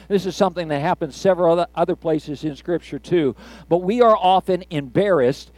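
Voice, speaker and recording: Older man, grandfatherly preacher, slightly high voice, dry close sound, chatty sermon with restarts. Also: a little mellow, dry recording. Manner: conversational, folksy, with halting restarts.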